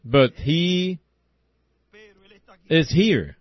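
A man's voice: fairly high pitch, animated, drawn-out words. Folksy preaching man, dull old recording. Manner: folksy, rhythmic preaching with repeated "see?". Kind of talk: sermon.

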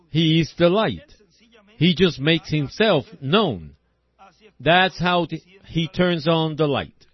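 A man's voice: fairly high pitch, slightly rough. A middle-aged man preaching a sermon in a folksy, rhythmic way, often tagging his points with "see?". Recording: dull lo-fi old recording.

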